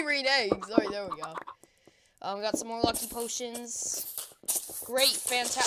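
A woman giving excitable live gameplay commentary, with frequent panicked cries and laughter. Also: on the high side, moderate pace. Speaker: gaming video creator. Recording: loud background noise.

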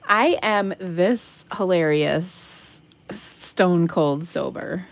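A woman's voice: lowish voice, very slow, creaky. A middle-aged woman hosting an online craft game night, calling bingo numbers in a giggly, playful way and breaking into silly singing. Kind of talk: casual live-stream chat calling bingo. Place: home craft room.

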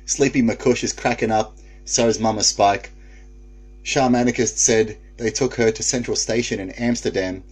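A man's voice: medium pitch, steady tone, normal speed, husky. A man hosting a casual live stream, reading viewer comments aloud and laughing often.

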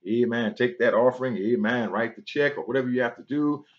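A man's voice: mid-range voice, a little fast. A male pastor runs through church announcements, dropping an amen or a praise the Lord after nearly every phrase. The sound is dull and lo-fi, like an online service stream. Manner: punctuates with frequent amens and praise the Lords; breaks into singing.

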